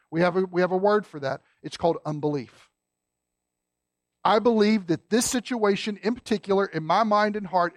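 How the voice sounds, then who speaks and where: A man preaching a sermon as a pastor, folksy and emphatic, dropping low and quiet to stress a point. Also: dry recording, studio quality.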